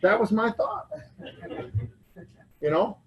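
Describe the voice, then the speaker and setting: A man's voice: high-pitched, very animated, slow pace, very noisy. A man speaking at a recovery convention, sharing his personal story in a loose, self-mocking way. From United States. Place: convention hall.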